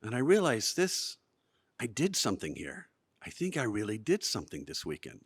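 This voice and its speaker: A man tells a funny childhood story to a live audience in a museum event space. His voice swings widely in pitch as he builds to punchlines and sinks for the gloomy beats. The delivery is animated and well timed, the way a practiced storyteller works a room. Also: normal speed, slightly rough. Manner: animated, lively delivery with comic timing.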